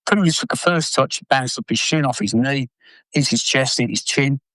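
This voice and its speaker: An older former footballer telling blunt, sweary stories in an interview. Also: male voice, mid-range voice, moderate pace, no echo, low-quality recording. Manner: blunt, sweary, animated anecdotes. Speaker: former footballer and manager, guest. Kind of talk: casual storytelling interview.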